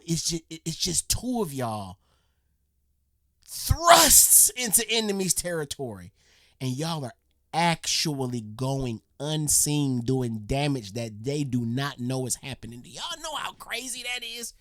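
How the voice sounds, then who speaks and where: A woman's voice: low-pitched, very animated, unhurried, no room sound, studio quality. A woman giving a casual reaction, acting out little scenes and swearing freely. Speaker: reaction video host.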